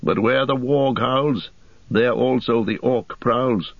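A man's voice: mid-range voice, fairly even intonation, slow, gravelly, no echo. Aragorn, a man doing a grim weary ranger. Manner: heavy, urgent. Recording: dull dry audiobook recording.

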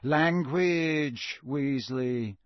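A man voicing a sneering, mocking teenage boy who drawls his lines slowly. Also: medium pitch, dry recording, clean studio sound. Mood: drawling sneer.

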